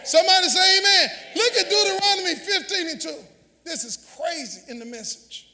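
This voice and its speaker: A man preaching a sermon, shouting call-and-response lines to his congregation and often repeating or restarting phrases. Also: very high-pitched, lively intonation, normal speed, slight background noise. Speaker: pastor. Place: large church sanctuary. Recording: long church reverb, faint congregation.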